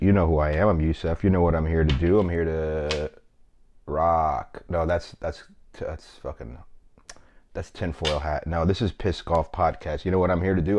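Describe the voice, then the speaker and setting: A man with a very low voice talks through his solo podcast like a stand-up comic. He rambles, swears freely and jokes at his own expense in a loose, casual chat. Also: darkish tone. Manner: rambling, profane, self-mocking.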